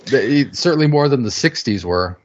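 A man's voice: medium pitch, expressive, moderate pace. A man co-hosting a podcast in casual chat, with a wry, joking way of talking. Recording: dull lo-fi sound.

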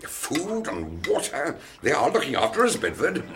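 Guy doing an excitable nerdy scientist, gravelly, voice jumps all over, noisy track. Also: fairly high pitch, normal speed, heavily acted. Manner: enthusiastic, musing, talks to aliens in simple words. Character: eccentric, excitable male scientist explorer.

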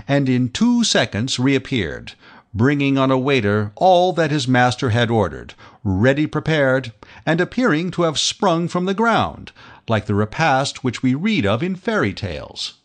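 A man narrating a classic novel as an audiobook, in a measured, expressive storytelling manner. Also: medium pitch.

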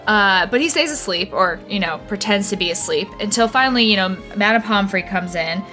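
A woman co-hosting a podcast, casually and irreverently recapping a book chapter and acting out the characters' lines in quick voices. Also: medium pitch, lively intonation, pushed and bright, soft background music. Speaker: podcast co-host.

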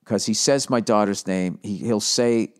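A man's voice: fairly low pitch, a little slow, clean tone. A man hosting a solo podcast, rambling in a profane, jokey way about his life. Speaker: podcast host.

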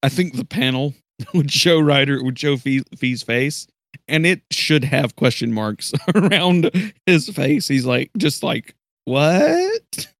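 A man's voice: medium pitch, measured pace, gravelly, a bit bright, dry recording. A man playing a tabletop role-playing game who jokes playfully and laughs often. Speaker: player.

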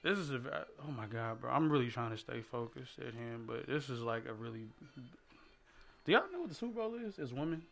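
A man hosting a casual chat at a table, animated and swearing freely as he jokes with two women. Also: mid-range voice, a little fast, creaky. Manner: animated, swearing, laughs often. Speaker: podcast host. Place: indoors at a table.

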